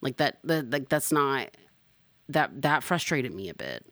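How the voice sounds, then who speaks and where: Young woman podcasting, sassy and fired up, deep voice, dry close mic. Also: a little slow, dry recording. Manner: sassy, animated, jumps to high exclamations. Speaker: podcast host. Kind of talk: casual chat.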